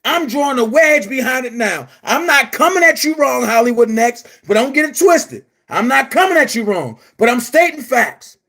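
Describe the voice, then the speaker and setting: A man delivering a heated, profane rant to his viewers, shouting at times. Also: extremely high pitch, expressive, normal speed, hardly any pauses. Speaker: commentary vlogger. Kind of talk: angry rant to camera.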